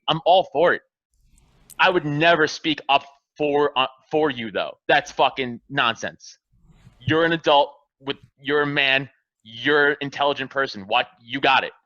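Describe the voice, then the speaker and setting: A man ranting profanely and passionately as a guest on a casual podcast, building to loud emphatic peaks. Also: fairly high pitch, no room sound, highs cut off. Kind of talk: heated casual podcast rant.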